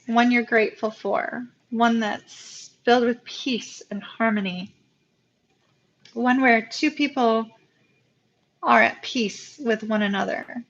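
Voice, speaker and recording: Emotional tarot reader with a lilt. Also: female voice, fairly high pitch, steady tone, takes it slowly, fairly bright tone, dull audio. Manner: emotional, talks to viewers as "y'all". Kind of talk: live-stream tarot reading.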